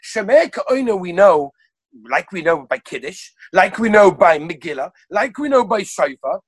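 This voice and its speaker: A man teaching a Torah class over a video call, reeling off sources one after another in an animated way. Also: sits high, husky, no room sound, poor audio. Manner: rapid-fire listing of sources, animated. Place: lives in Israel.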